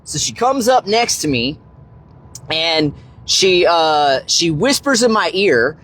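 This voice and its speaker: A young man casually telling a story on a livestream, rambling and swearing, tagging "right?" onto his lines, his voice leaping high when excited. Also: slow. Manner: rambling, profane, constant "right?" tags. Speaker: fitness and finance creator.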